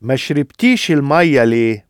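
A man's voice: medium pitch, sing-song, very fast, dry recording, studio quality. A man in class repeating drill phrases fluently and confidently. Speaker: language student.

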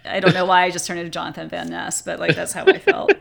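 Woman co-host, casual movie recap, animated, laughs a lot. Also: lowish voice, quick pace, creaky. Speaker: podcast co-host.

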